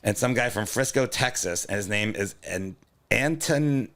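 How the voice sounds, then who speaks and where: A man's voice: fairly low pitch, animated, normal speed, fairly bright tone. A man co-hosting a comedy podcast, telling a rambling story in casual chat and swearing freely. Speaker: podcast co-host.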